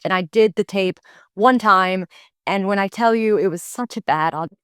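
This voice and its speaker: Chatty young woman with a smooth voice. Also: mid-range voice, moderate pace, no room sound, studio quality. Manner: chatty and animated, many fillers and restarts. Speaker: actor guest. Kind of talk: casual interview storytelling. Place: podcast studio.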